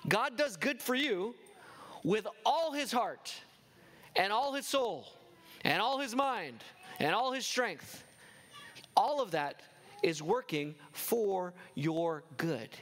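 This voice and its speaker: High-voiced preaching man. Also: sing-song, slow pace, fairly bright tone. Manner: impassioned preaching with rhetorical questions. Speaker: pastor. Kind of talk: sermon.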